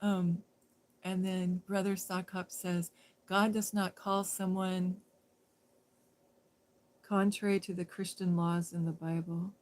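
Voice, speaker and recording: A woman's voice: fairly low pitch, little pitch movement, slow pace, long pauses, a little mellow. A woman chatting casually to her viewers on a live stream, rambling and restarting her sentences, often breaking into laughter. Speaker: livestream host.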